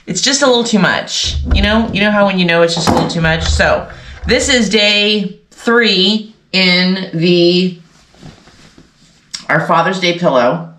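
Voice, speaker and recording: A woman's voice: lowish voice, unhurried, fairly bright tone, slight background noise. Rambling, congested woman in an echoey room. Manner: rambling, self-correcting, talks to viewers. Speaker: sewing channel host. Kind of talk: casual chatty sewing vlog.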